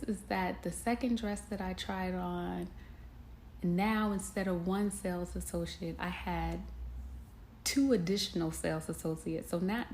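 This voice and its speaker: A woman's voice: fairly low pitch, vocal fry, darkish tone. A young woman hosting a podcast, telling a personal story in a candid, emotional way, laughing often and calling listeners y'all. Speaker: podcast host. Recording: echoey room, faint background noise.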